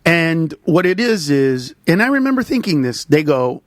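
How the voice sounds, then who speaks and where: Animated high-voiced man telling stories. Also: normal speed, no echo. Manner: animated storyteller, acts out voices and shouts. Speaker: stand-up comedian guest. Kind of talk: casual podcast conversation.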